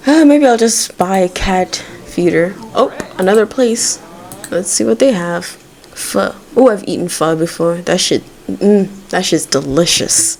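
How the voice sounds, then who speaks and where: A woman's voice: fairly low pitch, a little slow, gravelly, darkish tone. A woman giving casual, rambling let's-play commentary as she plays, swearing freely and talking to her game characters. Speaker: gaming video creator.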